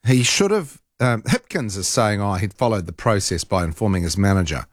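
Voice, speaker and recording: New man, talk radio host, low voice swinging up and down, dry close sound. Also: fairly quick, dry recording. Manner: animated, exasperated storytelling with frequent ums and restarts. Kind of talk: casual phone-in radio talk.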